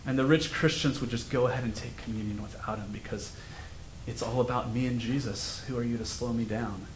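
Guy pastor giving a sermon, chatty and self-deprecating, roomy church echo, faint rumble. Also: fairly even intonation, a little fast. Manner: conversational, self-deprecating storytelling. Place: church sanctuary.

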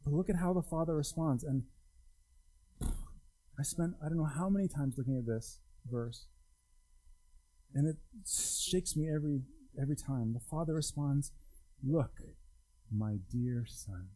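Man, pastor, sermon, conversational and emphatic, mellow, slightly high voice. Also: moderate pace, pauses often, poor audio. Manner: conversational, emphatic, wide pitch swings.

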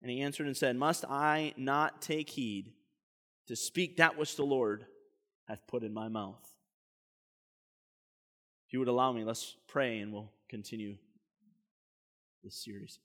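A man preaching a sermon as the pastor, telling the story in an animated way and tripping over repeated words. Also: mid-range voice, unhurried, long pauses, in a large hall.

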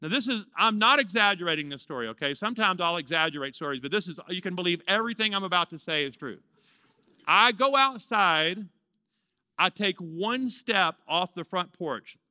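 Man in his 50s, pastor preaching a story; ringing, very bright and smooth tone, lively delivery. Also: high voice, no echo. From Louisiana, US. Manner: animated storyteller, swings from excited to hushed. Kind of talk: sermon storytelling.

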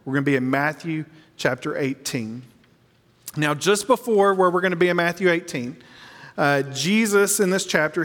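Man, pastor, earnest sermon, slows for emphasis, reverberant hall. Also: on the high side, a bit bright. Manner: earnest, slows down to stress key lines.

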